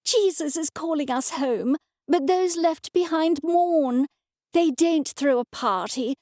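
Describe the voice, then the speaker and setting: A woman's voice: slow, a little mellow, dry recording, studio quality. A woman voicing a prim, pious older mother who scolds and takes offence. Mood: indignant. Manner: shrill, scolding and indignant.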